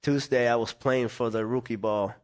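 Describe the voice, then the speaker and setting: Man telling a lively story. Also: mid-range voice, moderate pace. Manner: animated, acts out quoted voices. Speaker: interview guest. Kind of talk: storytelling in conversation.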